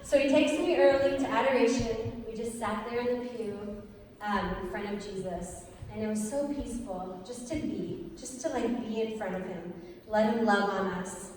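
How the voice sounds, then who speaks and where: A young woman giving an earnest, lively personal testimony to an audience, telling her story with laughs. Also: a little high, normal speed, a little hiss or hum. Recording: echoey hall, voice from far off.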